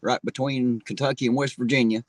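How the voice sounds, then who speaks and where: A man's voice: medium pitch, fairly even intonation, brisk, no echo. A middle-aged man from southern Ohio with an Appalachian drawl, chatting casually and profanely as he reads viewer comments on a livestream from a parked car. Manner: folksy, profane, laid-back. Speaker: livestream host.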